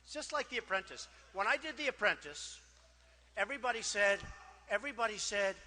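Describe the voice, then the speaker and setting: This campaign speech comes from a political candidate at a big rally hall, his delivery boastful, repetitive and chatty, with many tangents. He talks a little fast in a high, expressive voice that sounds pushed and bright, with long PA reverb around it.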